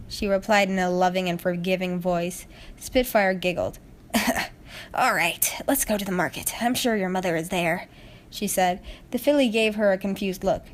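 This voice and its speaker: A woman's voice: medium pitch, a little mellow. A woman narrating a storybook, reading it aloud steadily. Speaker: story reader.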